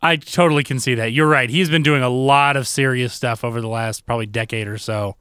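A man co-hosting a podcast, chatting in a relaxed, casual way and trailing off with fillers. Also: mid-range voice, a little fast, clear, resonant tone, dry recording, clean studio sound. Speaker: podcast co-host. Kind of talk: casual chat.

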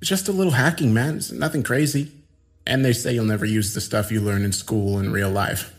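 A man's voice: on the low side, steady tone, brisk, lightly acted. A man voicing a giggly, unhinged young man in his mid-twenties who taunts and jokes casually. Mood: breezy. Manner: smirking, laughing, casual slangy taunts.

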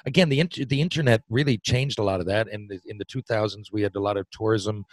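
This lowish-voiced man talks fast in a low-quality recording without room sound. A Newfoundlander with the local accent, he's a podcast guest rambling through a long hockey story, restarting sentences, cursing casually and laughing readily.

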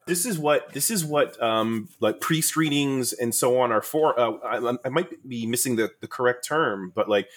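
A man's voice: mid-range voice, normal speed, few pauses. A man in casual movie-review chat, hesitant and searching for words.

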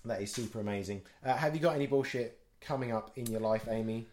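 A woman's voice: rumbling low, quick pace, darkish tone, slight background noise. A woman co-hosting a casual podcast, dry and blunt, swearing freely while reading out the show's sign-off. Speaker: podcast co-host. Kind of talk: casual chat.

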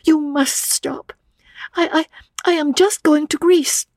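A woman voicing a nervous, flustered young woman who stammers in a high voice. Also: steady tone, slow, a little mellow, no echo, studio quality. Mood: anxious.

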